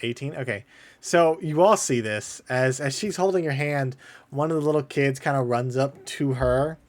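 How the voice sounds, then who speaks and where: A man narrating a tabletop game as game master, laughing often and voicing townsfolk softly in passing. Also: mid-range voice, normal speed.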